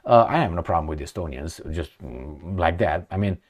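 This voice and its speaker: A man's voice: low voice, lively intonation, moderate pace. A man giving an angry, profane, mocking political rant with many fillers. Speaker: commentary vlogger. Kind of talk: ranting political commentary.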